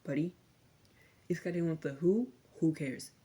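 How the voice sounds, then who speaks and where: A young woman rambles through a sardonic, slang-heavy rant in a low voice. She talks softly for ASMR and now and then slips into whispers. Her tone is warm and relaxed. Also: normal speed, breathy edge. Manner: slangy, sardonic, drifting between soft talk and whispers. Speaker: vlogger.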